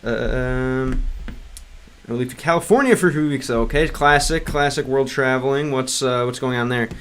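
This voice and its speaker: A man talks to his chat at a middling pitch in a loose, rambling stream-of-thought way. He restarts sentences often and leans on fillers. Every so often he sounds out words in slow, halting learner's Russian before going back to casual chat. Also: a bit bright, clean tone. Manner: clumsy Russian read aloud in a learner's voice. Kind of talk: casual livestream chat reading comments.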